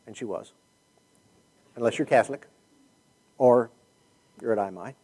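A man teaching a Bible class in a conversational way, thinking out loud and putting questions to his listeners. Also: medium pitch, normal speed, breathy edge, low-quality recording.

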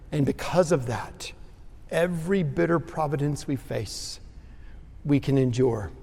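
A man preaching a sermon as pastor in a church sanctuary, his delivery swinging between ringing emphasis and hushed tenderness. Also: mid-range voice, gravelly. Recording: long reverb of a large sanctuary.

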